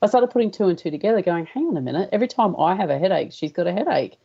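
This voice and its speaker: A woman's voice: on the low side, animated, rapid-fire, creaky, mellow, husky, dull audio. An Australian woman, a guest on a radio chat, telling stories and acting out the dialogue in them. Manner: storytelling, acting out her own quoted dialogue. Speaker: guest healer.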